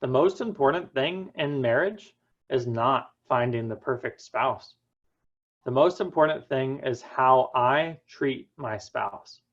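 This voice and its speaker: A young man tells a personal story in an earnest, unhurried voice, leaning into dramatic pauses. His pitch sits in an ordinary middle range. The sound is a little dull and lo-fi. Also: fairly bright tone. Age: young adult. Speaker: student speaker. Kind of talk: prepared personal talk.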